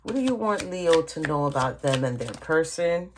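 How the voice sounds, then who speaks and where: Woman, low voice, tarot reader, casual chatty reading, talks straight to the viewer, seated at a table. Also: lively intonation, moderate pace, noisy background. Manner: chatty, addresses viewer directly, frequent "okay?" and "honey".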